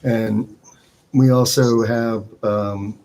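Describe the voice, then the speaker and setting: A man's voice: mid-range voice, steady tone, extremely slow, a little mellow, slight background noise. A man running a fantasy football draft on a live stream, casually explaining the league's scoring rules with frequent restarts.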